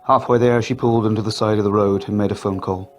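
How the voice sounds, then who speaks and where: Man calmly narrating a ghost story. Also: on the low side, fast, faint music behind. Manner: quiet, steady storytelling. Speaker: audio story reader. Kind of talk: scripted narration.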